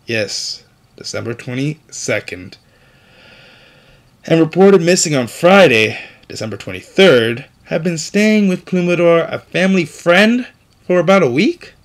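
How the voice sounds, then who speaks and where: A man's voice: fairly high pitch, expressive, unhurried. A man hosting an opinionated news commentary show, delivering stories with indignant, sarcastic asides.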